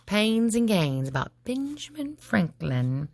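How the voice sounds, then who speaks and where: A woman's voice: mid-range voice, very animated, slow, a little mellow, dry recording. A woman teacher going over worksheet answers, patient and encouraging, sounding out words syllable by syllable.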